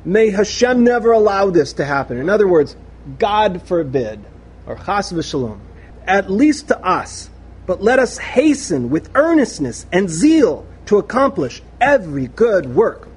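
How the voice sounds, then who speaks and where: A man's voice: high-pitched, sing-song, unhurried, a little mellow, husky. A man teaching a conversational scripture lesson, rereading passages aloud and explaining them in an emphatic, chatty way. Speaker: Bible study teacher.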